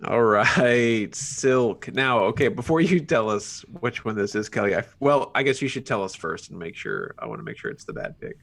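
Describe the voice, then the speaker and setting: Laughing, lively-voiced man podcaster. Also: mid-range voice, vocal fry. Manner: laughs often, halting and wry. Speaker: podcast co-host. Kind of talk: casual chat.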